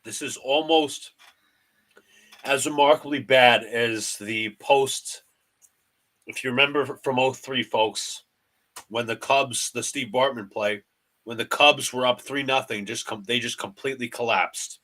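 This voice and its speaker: A man hosting a live fan stream, calling each pitch of a baseball game in short clipped phrases. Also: steady tone, a little slow, bright, forceful tone. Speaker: play-by-play host of a fan stream. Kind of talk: live fan play-by-play commentary.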